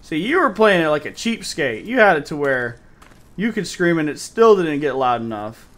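With a fairly high, slightly bright voice that swings widely in pitch, this young man talks at a moderate pace while streaming a horror game. His casual commentary to viewers is full of swearing.

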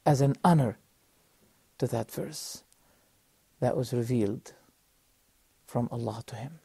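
Earnest male preacher with mellow voice. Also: mid-range voice, lively intonation, no room sound. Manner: earnest, measured, with pauses and rhetorical questions; addresses the audience directly. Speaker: religious teacher and TV presenter. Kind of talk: religious lesson with storytelling. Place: TV studio.

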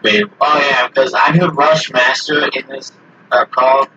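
A man's voice: mid-range voice, measured pace, bright, forceful tone. A man chatting casually while playing an online game, joking and mocking himself. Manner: joking, self-mocking, laughs often. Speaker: gamer. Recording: distant lo-fi mic with faint hiss.

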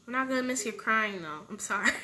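A woman's voice: on the high side, animated, fairly quick, noisy background. A woman voicing characters in a casual game roleplay, playful and switching between voices.

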